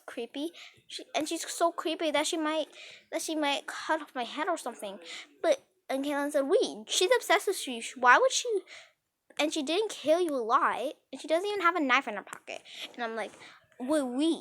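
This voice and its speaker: A woman's voice: high-pitched, fairly quick, fairly bright tone. A woman telling a rambling story in a casual storytime style, with frequent restarts and acted-out dialogue.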